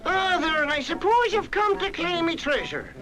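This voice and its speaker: A man's voice: extremely high pitch, expressive, moderate pace. An actor voicing a small, mischievous old male leprechaun with a sing-song folksy brogue in a vintage advertisement. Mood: sly, cheery. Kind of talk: vintage ad voice acting. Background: music.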